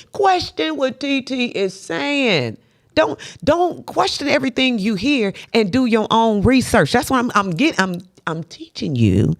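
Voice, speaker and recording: A low-pitched woman delivering a preachy motivational talk, her voice rising and falling widely as she repeats phrases and asks "okay?" She speaks at an unhurried pace and laughs now and then. The recording is close and dry, with no room sound. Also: a little mellow, no room sound. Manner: laughs between lines. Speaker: host giving a faith-based motivational talk.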